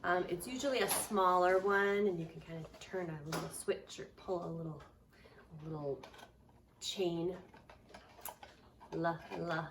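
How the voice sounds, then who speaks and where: A woman daycare teacher leading a preschool lesson, speaking in a slow, sing-song way for small children and dropping to soft whispers for surprises. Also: on the low side, a little hiss or hum.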